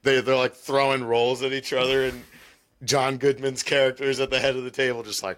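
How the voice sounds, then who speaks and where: A man's voice: mid-range voice, flat delivery, a little fast, a bit bright. A man on a casual podcast, telling stories in a rambling way and acting out the scenes. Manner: rambling storyteller, acts out scenes with laughter. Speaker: podcast co-host. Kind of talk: casual chat.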